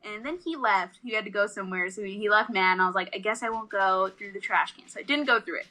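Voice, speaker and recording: A woman's voice: mid-range voice, quick pace, low-quality recording. A woman co-hosting a casual podcast chat, telling stories animatedly and acting out the quotes. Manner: animated storyteller, acts out quotes. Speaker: podcast co-host.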